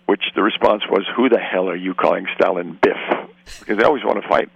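An older man from Canada tells long, rambling anecdotes as a guest on a radio interview, slipping into the voices of the people he describes. His voice is gravelly and husky. The sound is dry and dull, with a muffled radio quality. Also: low-pitched, steady tone, quick pace, fairly bright tone, no room sound. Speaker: guest film director.

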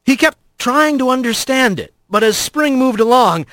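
A man narrating a storybook with an expressive, animated reading. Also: very high-pitched, normal speed, no room sound. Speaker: audiobook narrator.

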